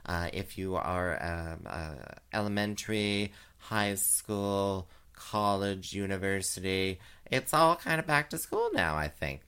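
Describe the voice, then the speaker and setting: A man doing drag, hosting a chat show, talking casually with many fillers and giggles, and jumping into high sing-song voices. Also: expressive, slow, few pauses, bright, forceful tone, clean tone. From Canada. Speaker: drag queen radio show host. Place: home, recorded live.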